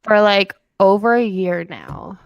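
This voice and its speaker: A young woman co-hosting a podcast, telling stories in a profane, animated way. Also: medium pitch, slow, gravelly, clear, resonant tone, no room sound, highs cut off. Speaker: podcast co-host. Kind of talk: casual chat.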